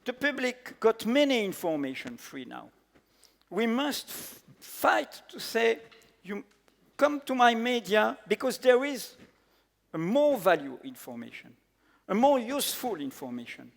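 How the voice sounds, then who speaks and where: A man's voice: very high voice, sing-song, creaky. French-accented man speaking in a hall. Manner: earnest, emphatic, halting non-native English with fillers. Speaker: panel speaker, editor-in-chief. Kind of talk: conference panel talk. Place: large conference hall. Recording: echoey conference hall.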